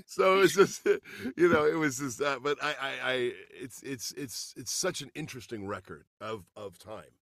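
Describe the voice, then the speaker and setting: A middle-aged man and voice actor chatting as an interview guest, lively and prone to acting out quotes. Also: mid-range voice, moderate pace, gravelly, dry recording, studio quality. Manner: animated, slips into voices and shouts for quotes. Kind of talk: casual interview chat.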